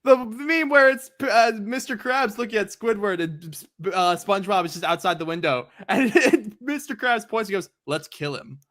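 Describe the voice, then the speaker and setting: A man's voice: sits high, lively intonation, normal speed, few pauses, a bit bright. A man hosting a casual chat about comics, laid back and laughing often while he quotes characters. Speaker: host.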